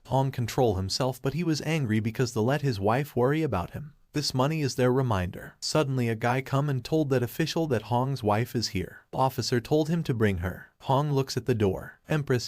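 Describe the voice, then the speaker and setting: A man narrating a comic-book story recap in a plain reading voice, with halting grammar. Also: medium pitch, darkish tone, dry recording, studio quality.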